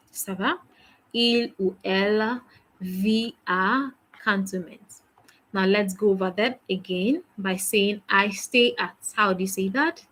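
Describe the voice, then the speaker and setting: A woman's voice: mid-range voice, fairly bright tone, low-quality recording. A woman teaching a French lesson, patiently drilling phrases and praising each answer. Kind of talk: language lesson.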